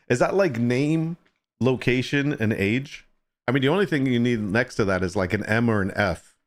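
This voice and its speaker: A man's voice: medium pitch, normal speed. A man hosting a casual livestream chat, joking with and teasing viewers and greeting them by name. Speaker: livestream host.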